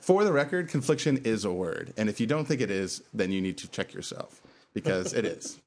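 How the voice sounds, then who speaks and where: A man hosting a casual podcast, telling weekend stories with an animated delivery and frequent laughter. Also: fairly low pitch, brisk. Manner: animated storyteller, laughs through his punchlines. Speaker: podcast host. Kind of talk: casual chat.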